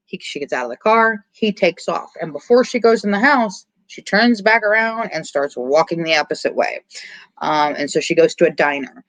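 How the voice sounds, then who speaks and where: A podcast host casually recapping a horror movie's plot, animated and quick to swear. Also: medium pitch, dry recording, low-quality recording. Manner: animated storytelling, frequent swearing.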